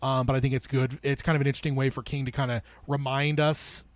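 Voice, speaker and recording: A man of middle pitch talks through a novel in casual book club chat, reading passages aloud and then talking them over with lots of ums and restarts. The sound is dry and close. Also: level tone, fast, dry recording. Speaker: podcast host.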